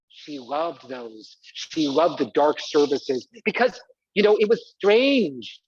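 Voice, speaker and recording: A man's voice: sits high, dull audio, slight background noise. A man performing a live one-man stage show, talking theatrically and prodding the audience to join in. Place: community center stage.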